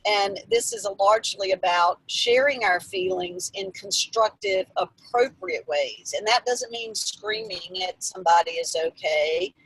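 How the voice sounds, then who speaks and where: A woman's voice: mid-range voice, wildly swooping pitch, measured pace, vocal fry, hardly any pauses, a bit bright, husky, no echo, poor audio. A woman guest expert explaining emotional skills in an earnest, instructive way, with restarts and fillers. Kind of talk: explanatory interview answers.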